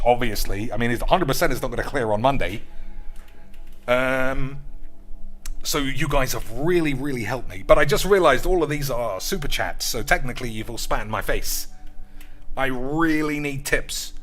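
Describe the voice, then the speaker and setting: A man's voice: mid-range voice, a bit bright, a little hiss or hum. A man live-streaming a card game, bantering sarcastically with his chat and swearing freely. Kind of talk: casual live-stream chat while gaming.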